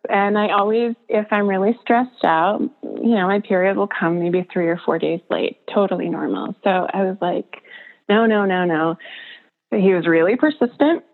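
Interview guest, woman, birth photographer: emotional and halting, with frequent laughs, on a tinny phone-like line. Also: medium pitch, creaky. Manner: emotional, laughs often between halting phrases. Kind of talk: personal storytelling in a podcast interview.

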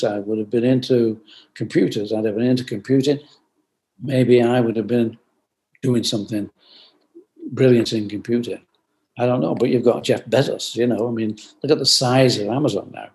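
An older man, a company founder, giving earnest reflective interview answers over a remote video call, often repeating phrases and clearing his throat. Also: medium pitch, moderate pace, a little mellow, poor audio. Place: at home in France.

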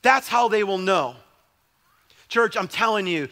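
A man's voice: high-pitched, expressive, measured pace, bright, forceful tone. A young adult male pastor preaching a sermon in a conversational way, with emphatic repetition.

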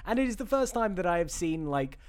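Hesitant higher-voiced man. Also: sing-song, brisk. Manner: hesitant, many fillers and restarts. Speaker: podcast co-host. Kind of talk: casual chat about a film.

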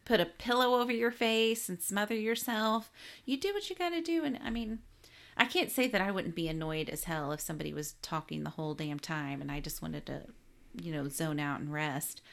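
A woman's voice: lowish voice, animated, brisk, creaky. A woman co-hosting a podcast, chatting casually about a film and chiming in with short reactions. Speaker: podcast co-host. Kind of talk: casual movie chat.

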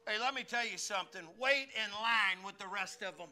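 A man preaching an animated, joking sermon and speaking directly to his congregation. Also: sits high, a little fast, hardly any pauses. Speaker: pastor.

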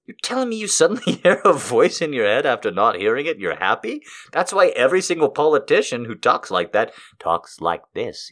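Animated, profane male comedy podcaster. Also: mid-range voice, fairly quick, few pauses. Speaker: podcast host. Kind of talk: comedic monologue.

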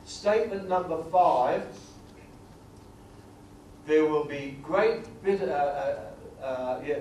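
A man teaching a sermon through numbered points, reading scripture slowly and with emphasis. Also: on the high side, a little hiss or hum. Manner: grows quiet and emotional at times. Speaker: preacher. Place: large echoey hall. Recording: echoey hall recording from far off.

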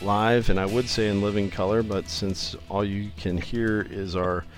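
A man's voice: lowish voice, little pitch movement, normal speed, soft background music. A man co-hosting a casual podcast chat, joking and loose, often restarting his sentences. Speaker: podcast co-host.

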